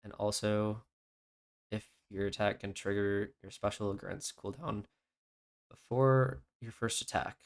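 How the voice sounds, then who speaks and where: Low-voiced laid-back male host. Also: fairly even intonation, unhurried, gravelly. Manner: reads out game stats and skill text in a laid-back way. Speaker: channel host. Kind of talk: casual game reaction chat.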